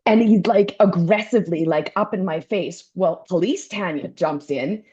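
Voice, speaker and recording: A woman co-hosting a podcast, telling an animated story in a slightly low voice. She jumps into quick impressions of the people she talks about. Her audio sounds a bit dull and lo-fi. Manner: acts out voices in her anecdotes, keeps clearing her throat. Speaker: podcast co-host.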